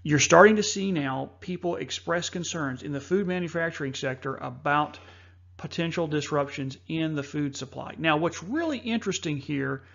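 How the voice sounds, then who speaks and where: A man narrates over slides as host, earnest and measured, pausing on fillers. His voice is gravelly and sits a little high. The recording sounds somewhat dull and lo-fi. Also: fairly bright tone.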